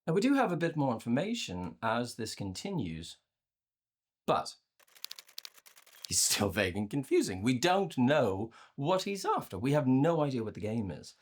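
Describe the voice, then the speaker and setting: A man presenting a workshop on communication to a virtual audience, conversational and animated, often repeating words as he restarts his sentences. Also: slightly rough. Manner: acts out inner voices with playful pitch jumps. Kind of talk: live talk to a virtual audience.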